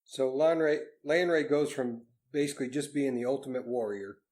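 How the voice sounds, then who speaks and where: A man's voice: medium pitch, moderate pace, a little mellow. A man co-hosting a podcast, thinking aloud through speculation, hedging and restating his points. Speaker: podcast co-host. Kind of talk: casual book discussion.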